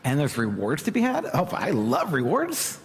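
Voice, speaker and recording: A young man giving a conversational sermon as a preacher, animated and talking straight to the congregation with asides. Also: a little high, moderate pace. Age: young adult. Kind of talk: sermon teaching. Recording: hall reverb.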